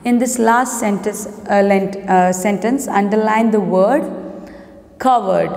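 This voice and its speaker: A woman's voice: mid-range voice, creaky, a little mellow. A woman teacher with an Indian English accent, reading a story aloud in an online class and stopping to explain words. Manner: reads aloud slowly, stops to explain words. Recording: echoey room with long reverb.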